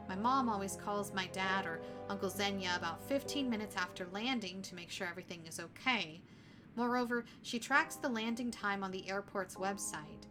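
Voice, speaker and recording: A woman's voice: medium pitch, normal speed, music in the background. A woman streamer reading a story game aloud, breaking off to apologize and joke.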